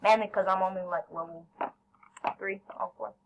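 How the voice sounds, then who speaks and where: A woman commentating her own gameplay, excitable, yelling at teammates and then apologizing. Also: mid-range voice, normal speed, vocal fry, highs cut off, slight background noise. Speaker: gaming channel host.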